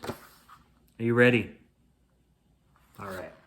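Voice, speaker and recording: A man's voice: fairly low pitch, slow, a bit bright, slight background noise. A Canadian man hosting a bedtime story reading, chatty with playful asides. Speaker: storyteller host.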